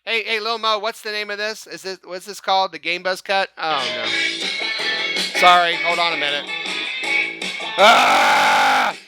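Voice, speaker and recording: A man's voice: high voice, steady tone, moderate pace, over loud music. A man hosting a casual fan-show podcast, upbeat, laughing often and stumbling over repeated words. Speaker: podcast host.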